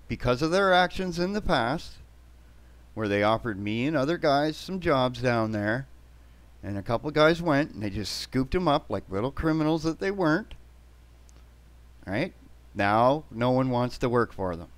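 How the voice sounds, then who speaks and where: A man's voice: mid-range voice, big pitch swings, normal speed, no room sound. An older man in a blunt, combative monologue to camera, often ending points with "right?" or "okay?". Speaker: vlogger.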